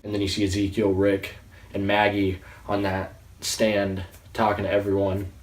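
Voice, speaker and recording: Teen guy rambling about an episode, kinda low voice, sounds far from the mic in a roomy space. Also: normal speed. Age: late teens. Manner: excitable, rambling, with frequent restarts. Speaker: movie reviewer. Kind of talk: casual spoken episode review.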